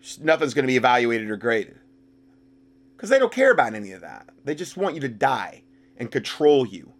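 A man giving sarcastic commentary while reading documents, mocking the text and rising to loud outbursts. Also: medium pitch, very animated, brisk. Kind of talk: sarcastic commentary with read-out passages.

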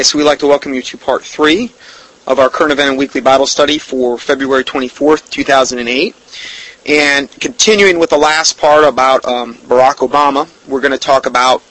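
A man teaching a Bible study, reading quotes slowly and emphatically, with indignant, sarcastic asides. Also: medium pitch, a bit bright, no echo, low-quality recording. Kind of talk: recorded Bible study lesson.

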